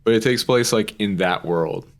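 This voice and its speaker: A young man with a lowish voice talks through a podcast in loose, easy chat. He rambles and fills his sentences with "like" and the odd swear word. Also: moderate pace. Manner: chatty, rambling, with frequent "like" and casual swearing. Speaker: podcast co-host. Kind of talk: casual chat.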